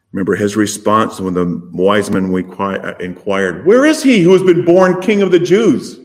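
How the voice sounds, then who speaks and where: A man with a somewhat low-pitched voice delivers a sermon. He is emphatic, asks rhetorical questions, and lets his voice swell and drop in loudness. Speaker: preacher.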